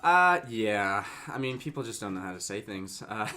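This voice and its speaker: A man's voice: on the low side, very animated, normal speed, bright, forceful tone. A man co-hosting a casual podcast in a laid-back way, often backing others up with short agreements. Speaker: podcast co-host. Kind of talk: casual chat.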